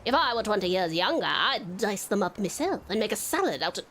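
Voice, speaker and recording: A woman voicing a boastful elderly male merchant in a game playthrough, with gruff, pompous old-fashioned speech. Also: mid-range voice, sing-song, fairly quick, a bit bright, slight background noise. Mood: blustering.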